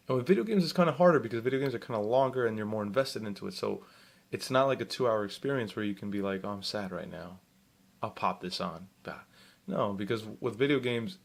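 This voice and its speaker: A man's voice: lowish voice, vocal fry. A young man hosting a casual video game news vlog, chatty and rambling, often correcting himself and asking viewers questions. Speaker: gaming vlogger.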